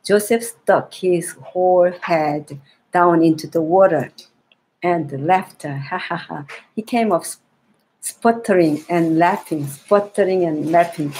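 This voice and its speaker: Slow, breathy woman reading to children. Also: fairly low pitch, rough recording. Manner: gentle reading with frequent restarts and repeated phrases. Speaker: children's Bible storyteller. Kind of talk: reading a children's Bible story aloud.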